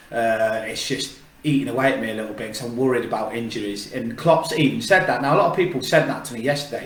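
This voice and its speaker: A man's voice: medium pitch, fast talker, far from the mic. A man giving his opinions on a fan channel, emphatic and repetitive, often restarting his sentences. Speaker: football fan channel host. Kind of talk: casual opinion vlog. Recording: echoey room, set back from the mic.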